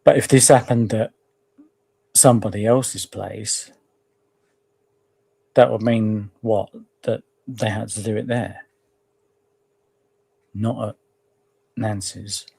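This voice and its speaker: A man joining a casual true crime discussion, thinking out loud and speculating. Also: lowish voice, steady tone, slow pace, gravelly, long pauses, husky.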